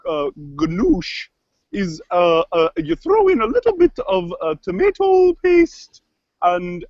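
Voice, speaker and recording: A man's voice: high voice, gravelly, no room sound, pitched below the performer's own voice, exaggerated voice. A man improvising a proud, touchy woman TV chef who rambles and stalls on filler words, in a comedy scene over a lo-fi online call. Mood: pompous. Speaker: improv performer. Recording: dull lo-fi online call audio.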